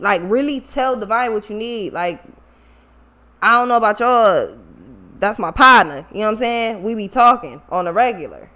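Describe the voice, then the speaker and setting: A woman's voice: mid-range voice, lively intonation, normal speed, pushed and bright. A woman giving a casual tarot reading, blunt and swearing freely, repeating points for emphasis, with features. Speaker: tarot reader.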